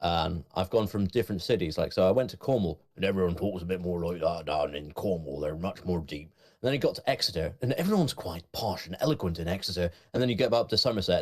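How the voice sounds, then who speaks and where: A man's voice: low-pitched, fast. A man from southwest England, chatting on a podcast in an easygoing, joking way with plenty of fillers. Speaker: podcast co-host. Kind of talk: casual chat.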